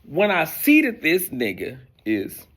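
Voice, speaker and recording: A man telling a profane stand-up comedy story, swinging between loud bursts and hushed asides. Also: fairly high pitch, slow, breathy edge. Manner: profane, animated storytelling with sudden volume drops.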